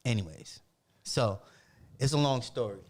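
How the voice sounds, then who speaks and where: A man from Boston sits in as a podcast guest and tells a long story in casual, profane chat. He is animated and slips into other people's voices as he goes. His voice sits at an ordinary middle pitch. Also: measured pace. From Boston, Massachusetts.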